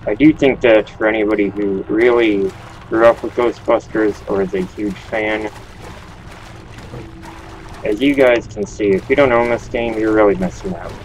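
A man's voice: on the low side, fairly even intonation, normal speed, slight background noise, poor audio. A man hosting a casual let's-play, rambling and joking as he plays, swearing now and then at the game. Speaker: gaming channel host.

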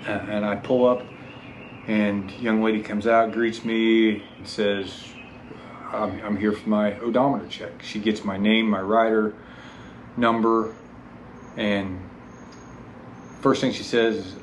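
A man's voice: fairly low pitch, flat delivery, slow, long pauses, slight background noise, low-quality recording. A man telling the story of his motorcycle rally in a casual, self-deprecating way, stumbling over his words and restarting often.

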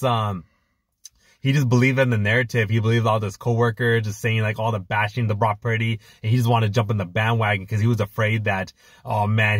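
A man co-hosting a fan podcast, talking in an excited, rambling way with lots of filler words. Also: fairly low pitch, no echo, studio quality. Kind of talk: casual chat.

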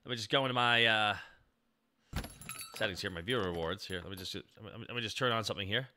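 A man live-streaming as a VTuber in casual, goofy chat, jumping between loud bits and low mumbled asides. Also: quick pace, pauses often.

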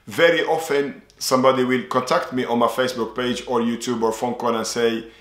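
A man's voice: mid-range voice, steady tone, a little fast, fairly bright tone. Man explaining earnestly in a roomy space. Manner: earnest, repetitive explanatory delivery with religious phrases. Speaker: ruqya practitioner. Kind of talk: instructional talk.

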